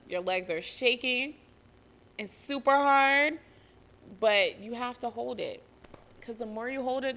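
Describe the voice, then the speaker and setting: Energetic woman podcaster. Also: mid-range voice, creaky. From US (Georgia). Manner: energetic, profane, acts out quoted voices. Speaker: podcast host. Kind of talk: motivational solo podcast talk.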